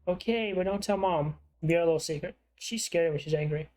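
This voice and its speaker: A man's voice: fairly high pitch, fast, a little mellow, close to an everyday voice. A man voicing a small, sweet, chatty boy while reading game dialogue aloud.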